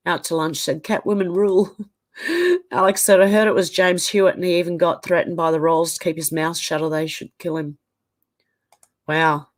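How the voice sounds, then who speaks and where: A woman with an Australian accent hosting a casual livestream, reading viewer comments aloud and reacting to them. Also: low-pitched. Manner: reads out chat comments and reacts conversationally.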